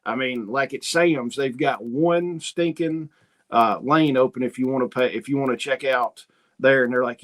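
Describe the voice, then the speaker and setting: A man's voice: mid-range voice, normal speed. A man hosting a homesteading livestream, chatting casually, reading viewer comments and telling rambling, folksy stories. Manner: rambling, folksy storytelling with quoted asides. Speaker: homesteading channel host.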